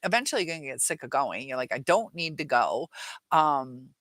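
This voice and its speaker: A woman's voice: rumbling low, sing-song, a little fast, a bit bright, no echo. A woman, a teacher, talking casually on a livestream with lots of fillers, acting out quoted lines and reading viewer questions. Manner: rambling, many fillers, acts out quoted lines in a livelier voice. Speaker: teacher and relationship-advice creator.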